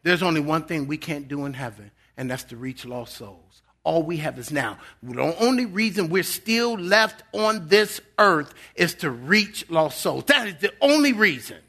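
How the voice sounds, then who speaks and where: A guest pastor preaches a sermon in an expressive, higher-leaning voice, unhurried yet with hardly any pauses. He's earnest and emphatic, often repeating words as he builds a point and dropping to a soft voice for quotes.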